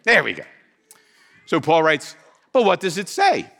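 A man preaching a sermon to a congregation, animated and emphatic, acting out the scripture he quotes. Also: fairly high pitch, unhurried, creaky. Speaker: pastor. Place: church with slides.

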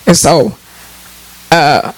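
A woman's voice: low-pitched, extremely slow. A woman in her sixties giving a casual preaching talk to her viewers. She is emphatic, repeats her words and restarts often, and her voice jumps up on the points she wants to stress. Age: 60s. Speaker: church speaker addressing viewers.

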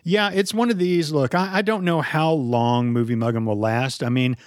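A man's voice: fairly high pitch, fairly even intonation, normal speed, no room sound, clean studio sound. A man hosting a casual movie podcast, joking and swearing as he runs the segments. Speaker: podcast host.

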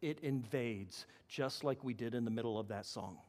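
A man preaching a sermon as pastor, animated and acting out the voices he quotes. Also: medium pitch, normal speed. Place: church hall. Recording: long hall reverb.

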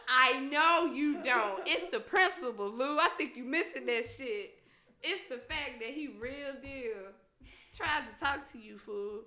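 A woman's voice: high voice, expressive, measured pace, pushed and bright, roomy sound. A young woman telling a profane personal story in a casual, laughing way, acting out the lines of the people in it.

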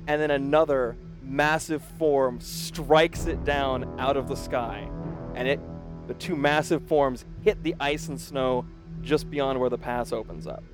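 A man's voice: mid-range voice, fairly even intonation, measured pace. Man narrating as game master over music. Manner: vivid descriptive narration. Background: background music.

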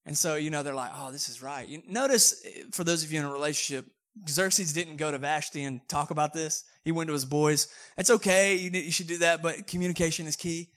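Pastor, chatty humorous sermon, slightly high male voice. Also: steady tone, a little fast, a bit bright. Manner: casual, joking, conversational preaching.

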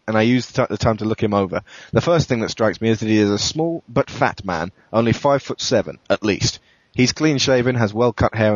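A man, a podcast host, reading a first-person thriller in a steady, matter-of-fact way. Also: fairly low pitch, no echo. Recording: dull, dry lo-fi recording.

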